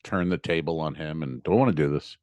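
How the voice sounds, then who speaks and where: A man's voice: a bass voice, fast talker, darkish tone, dry recording. A middle-aged man co-hosting a comedy podcast, complaining in an exasperated, sardonic way. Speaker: podcast co-host. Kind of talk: casual comedy podcast banter.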